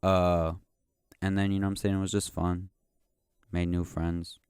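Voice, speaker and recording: A young man with a very low, deep voice rants on his solo podcast. He is slangy, boastful and profane, and his telling rambles. The sound is dry and close, with no room around it. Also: little pitch movement, normal speed, darkish tone, smooth, no room sound. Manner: rambling, keeps saying "you know what I'm saying". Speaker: podcast host. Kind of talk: casual solo podcast rant.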